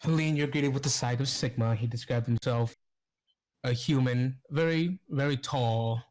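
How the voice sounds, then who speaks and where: Male game master, halting narration with fillers, on a voice call. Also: medium pitch, a little mellow. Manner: halting, many fillers, laughs often.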